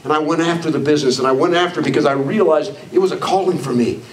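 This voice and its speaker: With a rapid-fire delivery and a voice on the high side, an older man preaches leadership training to a live audience as a motivational speaker, performing the voices of the people he quotes. The recording is distant from the mic, in an echoey hall with faint noise.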